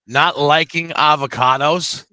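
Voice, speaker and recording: A man's voice: a little high, steady tone, unhurried, sharp tone, smooth, no echo. A man from Canada co-hosting a casual live stream, answering in short, blunt remarks and swearing when irritated. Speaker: co-host.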